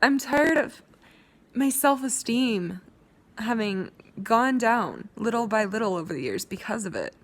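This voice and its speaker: A woman's voice: on the high side, big pitch swings, unhurried. Rambling young woman ranting to camera. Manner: rambling, many likes and restarts, rising to insistent scolding. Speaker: vlogger. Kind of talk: emotional rant to camera.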